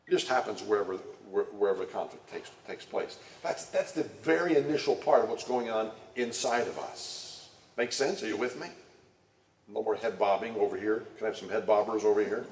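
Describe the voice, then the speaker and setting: A man gives a conversational church teaching talk. He speaks at a middle pitch, repeats words, and checks in with his listeners. He is recorded from a distance in an echoey room. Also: fairly quick. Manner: conversational, repeats words and restarts, asks the audience questions.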